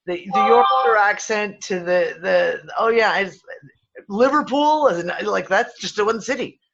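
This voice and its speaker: A man's voice: high-pitched, a bit bright, lo-fi sound. A man with a West Midlands English accent, co-hosting a casual chat, rambling and swearing freely with many restarts. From England. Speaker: podcast co-host.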